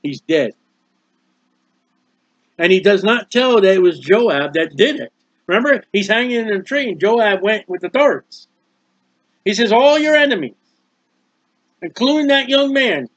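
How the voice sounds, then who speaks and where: A high-voiced American man teaching a Bible study, moving from slow, careful scripture reading into homespun explanation. The recording is dry and muffled, like an old lo-fi tape, with no room sound at all. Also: animated, a bit bright, no room sound. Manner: reads scripture slowly, then explains in plain folksy asides.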